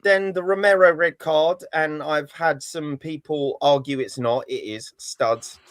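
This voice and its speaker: A man vents about a match with biting sarcasm and rising irritation. His voice sits high for a man and sounds dry and close, with no room around it. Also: steady tone, measured pace, no echo. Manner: sarcastic, ranting. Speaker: podcast panelist. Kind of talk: casual football chat.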